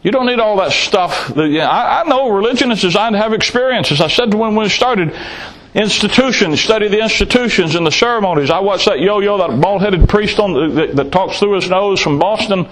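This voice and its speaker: A man's voice: sits high, expressive, fairly quick, fairly bright tone, rough recording. A man preaching a sermon in a blunt, folksy way, teasing his listeners and firing off rhetorical questions.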